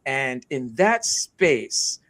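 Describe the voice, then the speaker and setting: A man's voice: medium pitch, very animated, drawn-out words, fairly bright tone. A man born in the United States and raised in Nigeria, telling a personal story in a casual conversation with earnest reflection and frequent restarts. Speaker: co-host.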